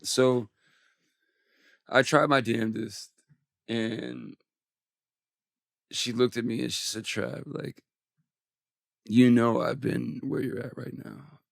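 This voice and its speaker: A man's voice: mid-range voice, fairly even intonation, slow, vocal fry, long pauses, no echo, clean studio sound. A man in his forties, a musician guest on an interview podcast, telling a personal story candidly and emotionally, with some swearing.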